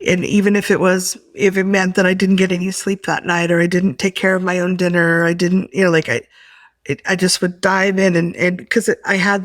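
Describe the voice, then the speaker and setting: A woman speaking in a soft, reflective, halting way in a workshop, sharing her experience and calling out tapping points. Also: on the low side, dry recording, studio quality. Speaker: workshop participant.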